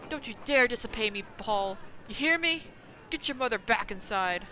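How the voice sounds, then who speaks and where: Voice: medium pitch, animated, normal speed, sharp tone, a little hiss or hum. A streamer reading the lines of a cruel, domineering middle-aged village patriarch from a game, in a scornful, threatening manner. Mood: contemptuous.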